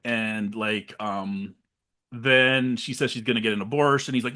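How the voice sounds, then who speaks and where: A man's voice: medium pitch, steady tone, moderate pace, sharp tone. A man co-hosting a podcast, casually recapping a horror film and acting out its lines in funny voices. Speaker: podcast co-host.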